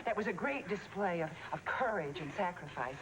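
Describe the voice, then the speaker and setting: An actress playing a prim, fussy restaurant manager in a sitcom. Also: female voice, lowish voice, lively intonation, moderate pace, noisy background, natural voice. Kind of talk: 1980s sitcom acting.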